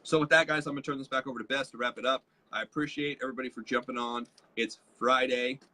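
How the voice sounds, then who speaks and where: A man co-hosting a live leadership show, telling stories with lively quoted voices. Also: mid-range voice, fast. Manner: animated storytelling with quoted voices. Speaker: co-host, leadership trainer. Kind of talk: casual live-stream teaching.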